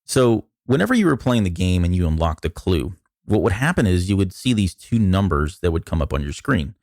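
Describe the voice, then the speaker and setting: A man with a very low voice walks through a detailed explanation in casual podcast chat, restarting often. His voice is worn and hoarse, and the recording is dry and close. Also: sing-song, brisk, darkish tone, no echo. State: losing his voice. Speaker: podcast co-host.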